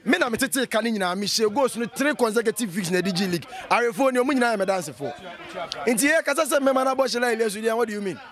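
A man's voice: very high-pitched, animated, very fast, fairly bright tone. A Ghanaian man with a Ghanaian accent, an amateur footballer talking boastfully and with animation.

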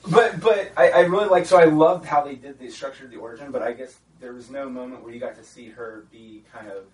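Male podcast host, chatty and animated, recorded off-mic in an echoey room. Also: mid-range voice, fast talker, distant mic, slight background noise. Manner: chatty, animated, laughs often. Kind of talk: casual chat.

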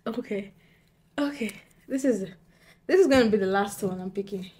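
A young woman from Nigeria chatting excitedly and giggling as she talks straight to her viewers. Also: mid-range voice, normal speed. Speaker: book vlogger. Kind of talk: casual chat to camera.

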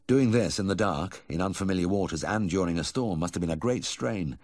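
A man reading an audiobook in a measured, unhurried way. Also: low voice, expressive, a little mellow, no room sound, studio quality. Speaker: audiobook narrator. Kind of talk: scripted audiobook narration.

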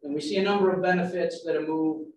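A man's voice: fairly high pitch, fast talker. A man, a school administrator, methodically walks a board through an update at a public meeting, picked up from a distance in a large room. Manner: steady, methodical, walks through points in order. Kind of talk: informational presentation at a public meeting. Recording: very echoey meeting room from far off, faint noise.

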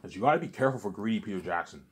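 A man's voice: fairly low pitch, animated, rapid-fire, slightly rough. A man rambling through a casual monologue, repeating himself and drifting into talking to himself. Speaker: vlogger.

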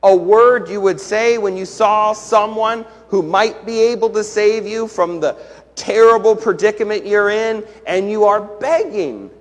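A man's voice: high voice, a little slow. A man preaching a sermon as pastor, earnest and building to emphatic questions. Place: church sanctuary. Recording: long church hall reverb.

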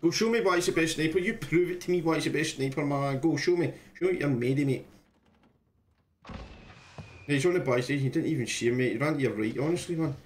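A man's voice: fairly high pitch, fast, slight background noise. A young man, bantering and swearing while playing a game, speaking over a headset mic. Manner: sweary, teasing, jokey. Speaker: gamer. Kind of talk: casual gaming banter.

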